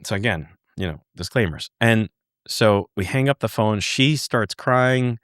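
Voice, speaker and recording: A man telling a story as a podcast guest, animated, swearing and repeating words for emphasis. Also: fairly low pitch, measured pace, smooth, no echo, clean studio sound. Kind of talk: casual storytelling.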